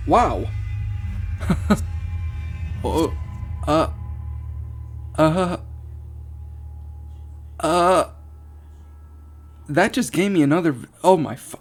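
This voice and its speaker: A man's voice: on the high side, lively intonation, extremely slow, long pauses, faint music behind. A man reading a creepypasta aloud and breaking off into profane, exclaiming reactions and laughter. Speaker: creepypasta narrator and commentator. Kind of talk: reading a story with reaction commentary.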